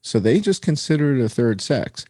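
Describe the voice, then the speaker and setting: A man's voice: mid-range voice, sing-song, normal speed, warm tone, dry recording, clean studio sound. A middle-aged American man hosting a casual talk show, sarcastic and mocking as he comments. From United States. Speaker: show host.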